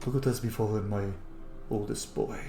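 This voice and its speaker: A man voicing a cold, menacing older general who speaks in a low, hushed murmur, recorded in a roomy space. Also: steady tone, normal speed, faint music behind, lightly acted.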